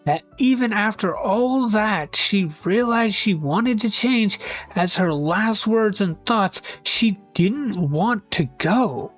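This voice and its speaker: A woman giving casual commentary on fan posts with wry, deadpan asides and quick switches into character voices. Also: medium pitch. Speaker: video essayist reading fan posts. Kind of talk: casual scripted commentary with skits. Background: faint background music.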